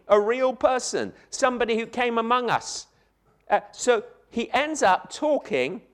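Animated, high-voiced male preacher. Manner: emphatic, with repeated phrases and pauses for stress; addresses the listeners directly. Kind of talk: sermon.

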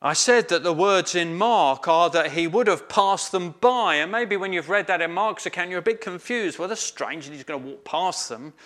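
Male preacher, slow emphatic sermon delivery, bright tone. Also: high voice. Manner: slow, emphatic, with hesitant fillers.

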